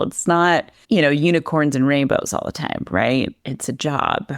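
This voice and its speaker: A woman's voice: low voice, fairly quick, few pauses, no echo, clean studio sound. A woman guest on a podcast, a horse trainer, chatting casually and acting out the voices of people she quotes, with lots of fillers. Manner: animated, acts out quoted voices, many fillers. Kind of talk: casual conversational storytelling.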